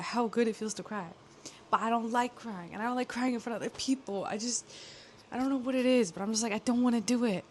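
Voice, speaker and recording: Her voice is on the high side, and the recording carries a slight hiss or hum. The young woman rambles candidly to the camera in a casual confessional vlog, leaning heavily on fillers.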